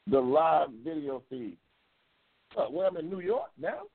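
A man hosting a casual live-stream chat, loose and excitable, repeating himself and reading viewer comments. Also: a little slow, vocal fry. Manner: loose, excitable, repeats himself, bursts into high-pitched race calling. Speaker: talk show host reading viewer comments. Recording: tinny phone-like lo-fi audio.

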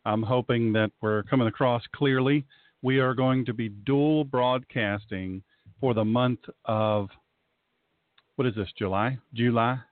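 A Southern-accented man, both a pastor and a talk show host, runs a faith and politics program in a folksy, rambling, fired-up style. His medium-pitched voice is a little slow, with no room sound, in casual radio talk. The audio is tinny and dry, like a phone line.

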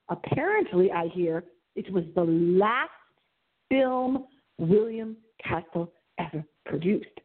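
A woman hosting a late-night radio show, chatting about movies in an animated, dramatic way. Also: medium pitch, breathy edge. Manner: animated, dramatic, gasping and singing for effect. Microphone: phone held to the computer. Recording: tinny phone-like line.

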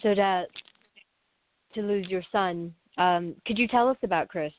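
A woman co-hosting a talk radio show, asking gentle, direct questions. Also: medium pitch, a little slow, a little hiss or hum. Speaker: co-host. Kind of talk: interview questions. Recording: phone-like line.

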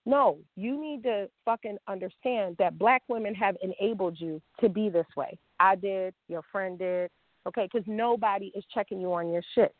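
A woman's voice: mid-range voice, moderate pace, dry recording. Blunt, profane woman on a tinny line. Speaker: vlogger. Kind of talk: unscripted rant to camera. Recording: dry, tinny phone-like sound.

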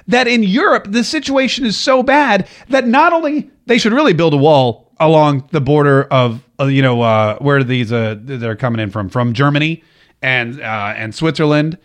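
A man's voice: fairly high pitch, animated, moderate pace. A male talk radio host delivering a political monologue, sarcastic and emphatic, repeating phrases for effect.

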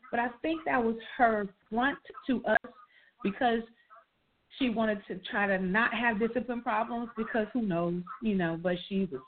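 A woman co-hosting a casual talk show, animatedly telling a childhood story. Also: on the high side. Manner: animated, reminiscing, emphatic. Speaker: co-host. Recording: tinny phone-like line.

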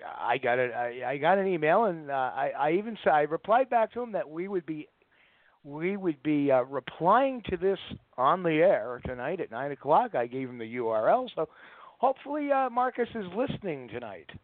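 A middle-aged man hosts a casual radio talk show, telling jokey stories in a fairly high, lively voice. The sound is dry and thin, like a phone line. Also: moderate pace, no echo. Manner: joking, storytelling.

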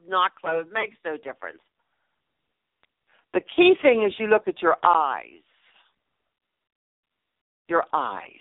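A middle-aged woman hosts an inspirational radio show and talks slowly with a lively, somewhat high voice. She repeats her key phrases emphatically and calls her listeners her precious ones. Her voice comes through a thin, dry, phone-like line. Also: dry recording. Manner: emphatic and repetitive, addressing listeners fondly. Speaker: radio show host and numerologist. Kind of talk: inspirational radio advice talk.

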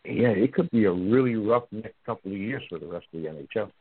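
A man with a Southern US accent, hosting a sports talk show in an animated, teasing way and often repeating words. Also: fairly low pitch, quick pace, slightly rough, no room sound. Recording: tinny phone-like line.

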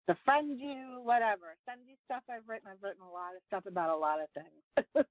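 A woman who is a pastor and writer appears as a guest in a casual interview, speaking earnestly and rambling, with many fillers and restarts. Her voice is fairly high, expressive and fairly quick. The sound is dry and phone-like, with no room sound.

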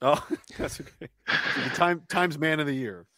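A man from Canada, a podcast guest in casual chat, animated and laughing often between remarks. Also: fairly high pitch, moderate pace, dry recording, studio quality.

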